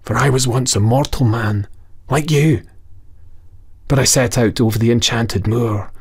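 A man's voice: medium pitch, creaky, breathy edge, pitched above the performer's own voice. A man doing a wailing old goblin. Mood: sorrowful. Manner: pleading, hushed, often whispering. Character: wailing grizzled old goblin, sorrowful, small.

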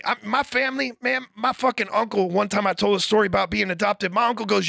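A man with a high, gravelly voice tells rowdy stories on a podcast, swearing freely and acting out what others said to him. His tone is bright and cutting, and the close mic sounds dry. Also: a little fast, few pauses, no room sound. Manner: profane, loud storytelling with acted-out quotes. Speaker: podcast host. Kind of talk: casual podcast chat.

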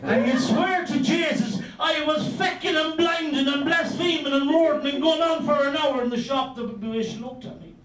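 A man doing stand-up, telling a story in an animated, swearing, exaggerated way. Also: very high voice, moderate pace, hardly any pauses, soft background music. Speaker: stand-up comedian. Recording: roomy sound from a distant mic.

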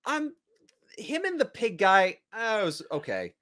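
A man co-hosting a casual movie chat, enthusiastic, often acting out quick quotes of how characters think. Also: sits high, wildly swooping pitch, sharp tone. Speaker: podcast co-host.

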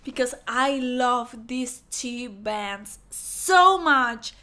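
Reaction host: effusive woman, high and bright voice, unhurried. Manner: excitable, effusive, repeats herself. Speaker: music reaction video host. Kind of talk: casual reaction chat.

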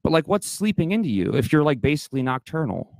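Agitated, profane man with a lively pitch. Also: quick pace, gravelly, dry recording. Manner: profane, agitated, rambling with many restarts. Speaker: guest. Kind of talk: heated livestream rant.

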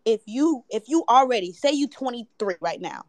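A woman's voice: fairly high pitch, lively intonation, moderate pace, no room sound. Blunt young woman, dry sound. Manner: blunt, advising. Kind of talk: casual chat.

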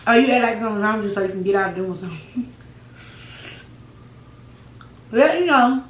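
A woman's voice: medium pitch, fast talker, reverberant, recorded from a distance, slight background noise, low-quality recording. A young woman vlogging to camera while eating, chatting to viewers in a folksy, laughing way with asides like "child" and "baby". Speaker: mukbang vlogger.

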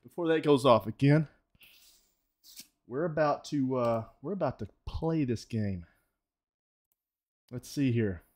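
A man streaming a storm-chasing game live, hyped up, shouting thanks to donors and sometimes out of breath. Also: mid-range voice, slow pace, pauses often. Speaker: gaming streamer.

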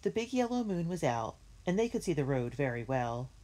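A woman reading a children's book aloud in a clear, measured storytelling manner. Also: low-pitched, very animated, warm tone. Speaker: reader.

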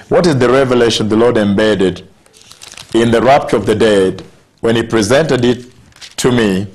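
A man preaching a sermon, stressing scripture words emphatically and slowing down on key phrases. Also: medium pitch, a little mellow.

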